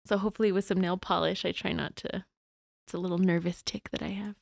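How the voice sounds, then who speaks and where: A woman's voice: lowish voice, fairly even intonation, fast, gravelly, no echo, clean studio sound. A woman with a Spanish accent who co-hosts a podcast, chatting casually, giggling often and slipping into Spanish phrases.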